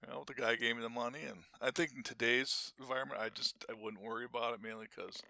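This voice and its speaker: Gravelly older man, crisp dry voice. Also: medium pitch, steady tone, fast, bright, forceful tone, no echo. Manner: folksy storyteller, chuckles between remarks. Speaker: podcast co-host. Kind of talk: casual chat, telling work stories.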